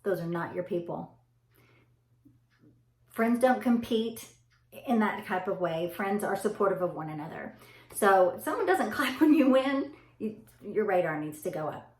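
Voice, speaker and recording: A woman's voice: mid-range voice, lively intonation, normal speed, pauses often, darkish tone. A middle-aged woman with a Southern US accent, chatting casually to her viewers in a rambling, friendly way. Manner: chatty, rambling, says y'all. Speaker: vlogger. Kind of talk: casual chat to camera. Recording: echoey room.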